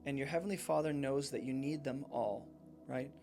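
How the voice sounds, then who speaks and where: A man's voice: medium pitch, normal speed, darkish tone, faint music behind. A young man teaching a Bible study, thinking aloud through a string of questions about a passage. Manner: reflective, asking many questions.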